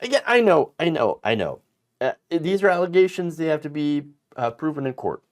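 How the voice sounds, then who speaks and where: Indignant male political commentator, very lively pitch. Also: moderate pace. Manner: indignant, emphatic, frequent fillers and restarts.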